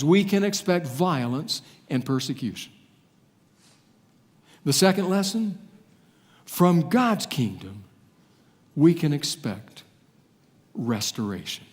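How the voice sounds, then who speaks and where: A male pastor delivering a sermon, dramatic with long pauses and phrases that fall away at the end. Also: on the high side, darkish tone, long reverb tail.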